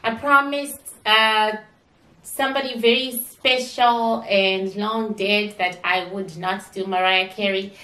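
A woman's voice: medium pitch, steady tone, slow, bright, forceful tone. A woman giving a spiritual psychic reading in a chatty, repetitive, exclamatory way, recorded from a distance in an echoey room. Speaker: psychic reader.

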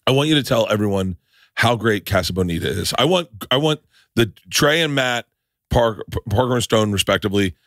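A man's voice: on the low side, a little fast, no echo, clean studio sound. A man hosting a podcast in casual chat, telling stories with lots of swearing and acting out the scenes himself. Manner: animated storyteller, swears freely, acts out scenes. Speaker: podcast host.

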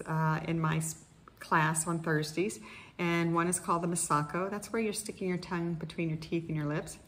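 Woman speech therapist, low voice, slow calm instructions, faint room hum. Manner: calm instructional, with many fillers. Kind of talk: guided voice exercise class. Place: indoors in Costa Rica, wind outside.

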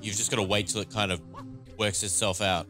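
A man co-hosting a let's play, chatting casually and telling stories in an animated way, laughing easily and swearing. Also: on the low side, a little fast, over music. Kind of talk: casual gameplay banter.

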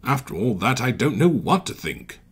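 A man voicing a large, shy and gentle male engine who speaks softly and nervously, in a fan storybook reading. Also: mid-range voice, very animated, moderate pace, slightly rough. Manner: soft-spoken, nervous, stammering.

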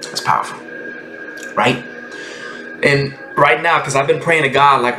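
A man's voice: fairly high pitch, expressive, moderate pace. Rambling, rapturous man in an echoey room. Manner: rambling, ecstatic, drifting into hushed whispers. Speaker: Christian content creator. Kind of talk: spontaneous spiritual monologue. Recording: echoey room with music behind.

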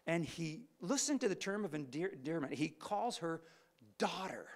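A man preaching a sermon, retelling a scripture story with animated, swelling emphasis. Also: a little high, moderate pace.

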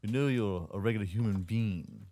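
Guy doing lets play commentary, low-ish voice, jokey, trash talks the bugs. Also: moderate pace. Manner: animated, jokey, talks to game creatures. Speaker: gaming YouTuber. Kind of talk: casual gameplay commentary.

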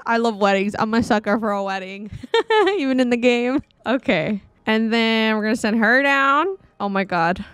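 Woman, let's-play commentary, excitable, chatty, dry close sound. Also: a little high, normal speed, clean tone, no room sound. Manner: chatty, excitable, often laughing. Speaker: gaming YouTuber. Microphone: studio desk mic.

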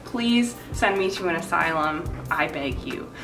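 A woman's voice: on the low side, animated, a little slow. A young woman co-hosting a casual home show, chatty and self-mocking with crude asides, touring her houseplants. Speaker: cooking show co-host giving a plant tour. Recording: roomy, from a distance, with music behind.

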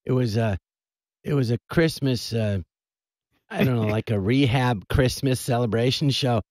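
A man who is a comedian guest, telling an animated anecdote and laughing as he goes, at a radio studio microphone. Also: medium pitch, moderate pace, dry recording. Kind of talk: storytelling anecdote.

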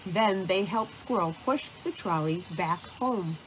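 A woman narrating a children's storybook, reading in a slow, deliberate way. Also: on the low side, expressive, slight background noise.

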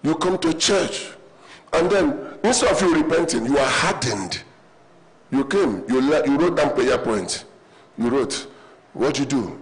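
A man's voice: medium pitch, lively intonation, a little slow, rough recording. A man preaching a sermon in a church auditorium, telling humorous stories and calling the congregation to respond. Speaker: pastor.

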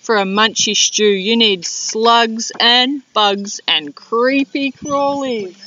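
A woman voicing a fussy male echidna who gives advice slowly. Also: a little high, sharp tone, no room sound, recorded from a distance. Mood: bossy. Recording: dull lo-fi video sound.

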